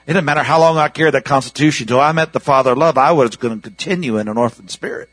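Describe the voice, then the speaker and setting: A man preaching a sermon in a conversational way, often checking in with the congregation and rising higher and louder when he presses a point. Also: quick pace, dry recording, poor audio. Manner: conversational, repeatedly asking the congregation "Amen?". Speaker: pastor.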